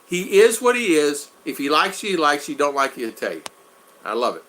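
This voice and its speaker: A man hosting a casual live stream, rambling and thanking his viewers one by one, his voice going hoarse after hours of talking. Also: on the high side, sing-song, a little fast, fairly bright tone.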